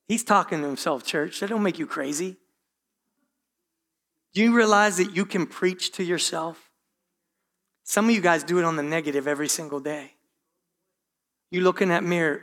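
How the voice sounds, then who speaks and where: A man with a high, bright voice preaches a sermon in a church. He speaks straight to the congregation, full of asides, quick restarts and repeated phrases. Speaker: pastor.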